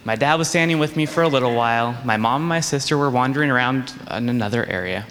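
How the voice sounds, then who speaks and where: A man telling a story as a children's sermon, animated and acting out the voices in it. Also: mid-range voice, fast talker, a little hiss or hum. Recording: long reverb of a large hall.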